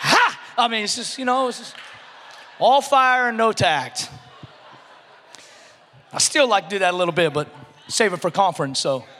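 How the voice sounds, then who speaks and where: Bright, high-voiced animated preacher man. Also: moderate pace, long pauses, long reverb tail, a little hiss or hum. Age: 30s. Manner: animated, conversational, frequent restarts and fillers, acts out quotes. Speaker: pastor. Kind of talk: sermon.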